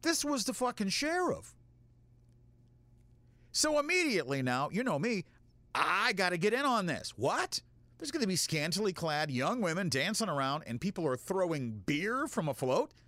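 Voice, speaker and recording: Animated man telling a comic story. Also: high voice, normal speed, no echo. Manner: animated, profane, self-mocking. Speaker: radio host telling a story.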